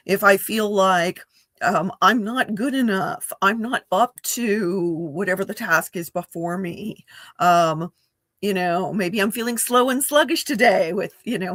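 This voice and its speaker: A woman's voice: medium pitch, a little slow, fairly bright tone, no room sound. A woman astrologer giving a casual spoken forecast, chatty and full of fillers, often laughing and acting out playful quoted voices.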